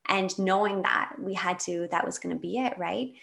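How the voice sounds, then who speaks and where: A woman in her late thirties from Canada, a guest telling a personal story in a candid, animated way, with laughs and restarts. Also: fairly low pitch, moderate pace, creaky. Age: 30s.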